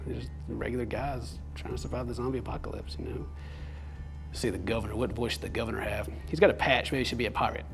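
A man's voice: fairly low pitch, steady tone, fast talker, creaky, faint music behind. A young man giving goofy, rambling commentary as he plays a mobile game. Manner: goofy, rambling, self-amused. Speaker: gaming video host. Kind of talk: casual let's play commentary.

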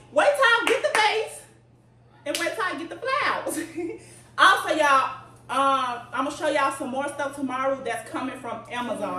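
A woman's voice: high-pitched, sharp tone. A woman, chatting casually to viewers as she shows off home decor finds, recorded at home. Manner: chatty, addresses viewers as y'all. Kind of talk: casual haul vlog. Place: home, indoors. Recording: echoey room, mic at a distance, noisy.

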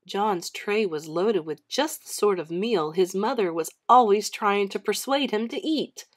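A woman reads a children's chapter book aloud at an unhurried, measured pace. Her voice sits at a middle pitch and gives each line clear expression. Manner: slow, expressive reading. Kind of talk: read-aloud storytelling.

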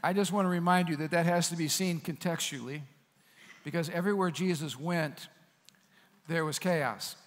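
A man preaching a sermon as pastor, in a conversational, animated style with asides to the congregation. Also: a little high, normal speed, in a large hall. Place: church sanctuary.

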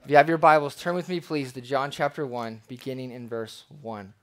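A man preaching a sermon as pastor, conversational and lively, with playful asides. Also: mid-range voice, a little fast.

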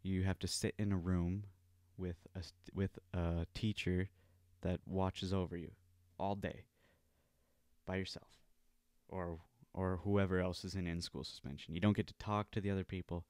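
Low-voiced man telling a rambling story. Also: level tone, normal speed, a little mellow, dry recording, studio quality. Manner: rambling, swears freely. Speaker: podcast host. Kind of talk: casual storytelling.

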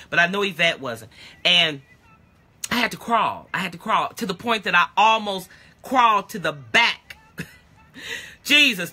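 A middle-aged woman preacher leading a live prayer and teaching stream, passionate and conversational, preaching in repeated refrains and shouting her points. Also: fairly low pitch, slightly rough. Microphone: phone or webcam livestream.

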